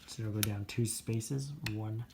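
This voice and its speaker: A man's voice: lowish voice, steady tone, unhurried, vocal fry, heavy background noise. A man narrating his own turn in a tabletop strategy game, methodically counting out moves and dice rolls as he goes. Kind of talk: casual tabletop game commentary.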